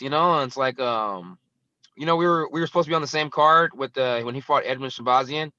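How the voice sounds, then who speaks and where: A young man talking fast and bluntly, rambling with plenty of fillers. His voice is bright and forceful, and the dry, dull call audio adds a lo-fi edge. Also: mid-range voice, no echo. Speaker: guest fighter. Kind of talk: casual interview talk.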